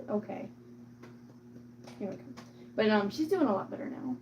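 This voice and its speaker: A woman's voice: mid-range voice, lively intonation, moderate pace, a little mellow, highs cut off, slight background noise. A woman vlogging casually about her cat, rambling with lots of "like" and "um", and slipping into cooing baby talk with the cat. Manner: chatty, rambling, full of "like" and "um". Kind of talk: casual chat to camera.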